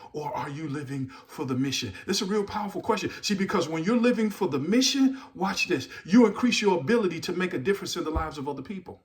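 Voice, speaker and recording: High-pitched man, hyped motivational host, preachy and repetitive, punchy rhetorical questions. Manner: loud bursts and shouting at the start. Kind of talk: motivational morning talk.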